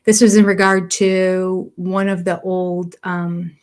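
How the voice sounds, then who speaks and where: A woman's voice: little pitch movement, takes it slowly, a little mellow. Older woman host, casual rambling livestream chat, easy laugh. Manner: chatty, rambling, laughs often; coos in a high voice to her cats. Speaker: livestream host reviewing a reality show. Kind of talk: casual chat, reading viewer comments.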